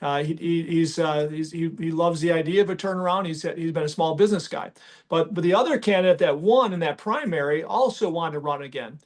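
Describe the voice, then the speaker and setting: A man's voice: a little high, a little fast. A middle-aged man, hosting a casual podcast and talking emphatically with many restarts. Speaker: podcast host and business owner.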